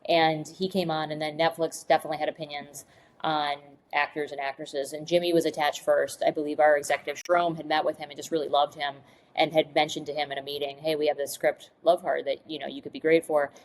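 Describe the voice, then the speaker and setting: Fast-talking low-voiced woman guest. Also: level tone, low-quality recording. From Michigan. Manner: chatty storyteller who acts out quoted voices. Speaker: screenwriter guest. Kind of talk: casual podcast interview.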